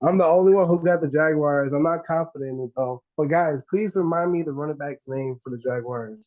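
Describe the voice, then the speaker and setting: A man's voice: a little high, brisk. A man hosting a sports betting podcast, running the segments in slangy, profane casual talk. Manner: slangy, profane, hypes picks. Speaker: podcast host leading the segments. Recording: slightly dull sound.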